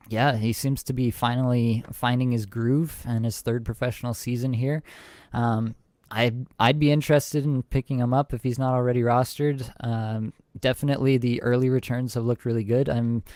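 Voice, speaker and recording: A man hosting a fantasy hockey podcast, talking through player stats in a steady, self-described monotone with frequent ums. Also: mid-range voice, no room sound, studio quality. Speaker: podcast host. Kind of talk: casual podcast chat.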